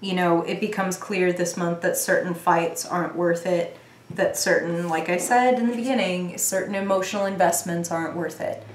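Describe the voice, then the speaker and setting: A woman's voice: fairly low pitch, moderate pace, a little hiss or hum. Chatty woman reading tarot in a roomy space. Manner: chatty, filler-heavy, animated when quoting. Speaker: tarot reader. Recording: roomy echo.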